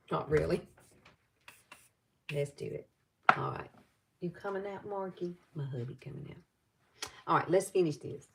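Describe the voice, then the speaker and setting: A woman's voice: low voice, slow pace, vocal fry, pauses often, very noisy. Chatty Southern woman over fifty. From Alabama. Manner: chatty and rambling, greets viewers. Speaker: makeup tutorial host. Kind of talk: casual live makeup tutorial.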